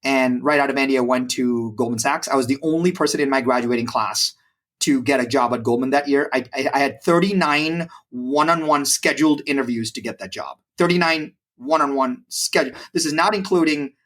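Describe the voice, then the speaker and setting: A man in his forties from India, a podcast guest telling stories in an animated conversational way, with frequent fillers and restarts. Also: mid-range voice, brisk. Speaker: podcast guest, brokerage president. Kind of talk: conversational storytelling.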